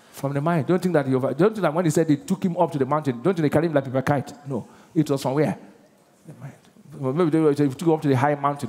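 A Nigerian pastor delivers a sermon in a large church auditorium, his fairly high, dark-toned voice emphatic as he keeps quizzing the congregation. The recording carries the long reverb of a big church hall.

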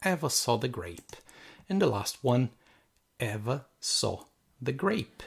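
Slow, husky-voiced male lecturer. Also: medium pitch, very animated. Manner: slow and halting, many fillers and restarts. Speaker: university language lecturer. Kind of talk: recorded sample lecture.

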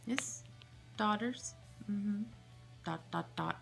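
A woman vlogger chatting casually to camera while unboxing, animated and full of exclamations and asides. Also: mid-range voice, drawn-out words, gravelly, over music. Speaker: vlogger unboxing a nail art haul.

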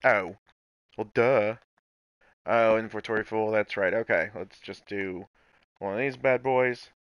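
A man's voice: lowish voice, steady tone, measured pace, smooth, no echo, muffled recording. A man casually commenting on his own gameplay, playful and talking to himself with sudden outbursts. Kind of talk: casual let's-play commentary.

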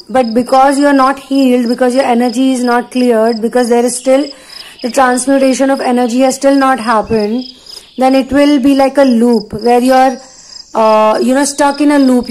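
A woman giving an earnest spiritual talk to her listeners, pausing now and then to channel messages. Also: high voice, darkish tone, slight background noise, poor audio. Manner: earnest, repetitive, pauses to channel. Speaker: spiritual reader.

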